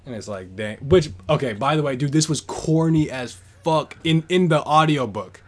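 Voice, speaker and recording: A man's voice: mid-range voice, moderate pace, few pauses. A man hosting a podcast, talking through a story in a casual, rambling way, full of "like" fillers. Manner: rambling, heavy use of "like" fillers. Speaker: podcast host. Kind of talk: casual book discussion.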